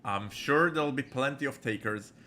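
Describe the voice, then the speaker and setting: A man giving joking, rambling let's-play commentary with halting restarts. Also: medium pitch, pushed and bright, slight background noise. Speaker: game streamer.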